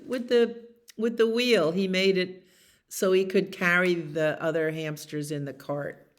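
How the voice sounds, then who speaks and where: A woman librarian reading a bedtime story aloud to children, gentle and expressive, with chatty asides. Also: fairly low pitch, a little slow.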